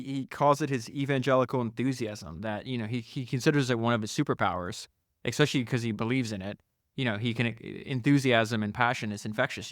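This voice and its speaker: A man's voice: medium pitch, fairly bright tone, no echo. A man in a mid-range voice hosts a podcast, recounting a biography with eager enthusiasm and plenty of restarts. The sound is dry and close, with no room around it. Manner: enthusiastic, frequent restarts and "you know". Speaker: podcast host. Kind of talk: retelling a biography, casual podcast talk.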